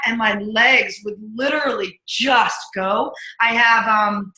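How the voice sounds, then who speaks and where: Bright, punchy woman telling stories. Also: on the high side, slow, reverberant, low-quality recording. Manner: energetic, punchy, acts out her inner voice. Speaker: podcast guest, accountability coach. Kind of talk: candid interview storytelling.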